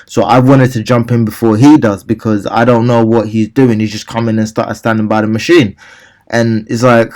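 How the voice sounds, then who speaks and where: A man's voice: fairly low pitch, level tone, normal speed, a little mellow. Heated, rambling young man. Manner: rambling and heated, acting out his own replies. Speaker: vlogger. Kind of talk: casual storytelling rant.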